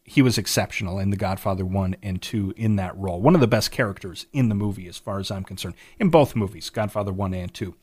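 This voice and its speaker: A man's voice: sits low, quick pace, hardly any pauses, a little mellow, slightly rough. Enthusiastic movie-podcast host, a man. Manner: enthusiastic, chatty. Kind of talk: casual movie recommendation talk.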